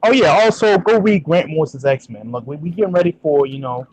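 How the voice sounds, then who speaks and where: A man's voice: on the high side, animated, brisk, a little mellow, rough recording. A man co-hosting a casual podcast, giving laid-back, rambling recommendations full of fillers. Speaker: podcast co-host.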